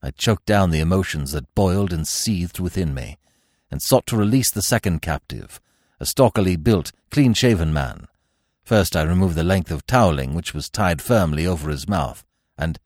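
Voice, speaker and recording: A man narrating a classic adventure story in a theatrical, highly expressive reading. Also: moderate pace, dry recording, clean studio sound. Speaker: podcast narrator. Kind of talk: dramatic audiobook narration.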